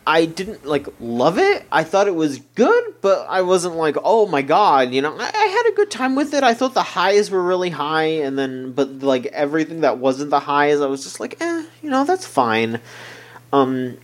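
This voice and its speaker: A man's voice: fairly high pitch, very animated, normal speed, hardly any pauses. A young man talking casually about a show he watched, rambling with lots of fillers and restarts. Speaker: podcast co-host. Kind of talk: casual chat reviewing an anime.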